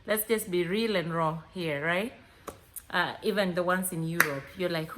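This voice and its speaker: A vlogger with a Kenyan accent talks casually and animatedly to the camera, acting out both sides of conversations and mixing in Swahili words. Her pitch is medium and her speed normal, with slight background noise.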